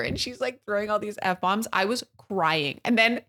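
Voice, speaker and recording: A woman, co-hosting a podcast, telling a story in an animated way, laughing often and acting out loud quotes. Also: mid-range voice, normal speed, few pauses. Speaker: podcast co-host. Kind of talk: casual storytelling chat.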